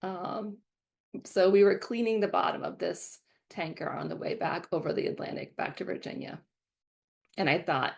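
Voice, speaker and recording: A woman's voice: lowish voice, moderate pace, creaky. A woman in her twenties from the American Midwest, giving a guest lecture and telling stories from her working life. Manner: storytelling, animated quoting of past self. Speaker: guest speaker. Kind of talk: lecture talk.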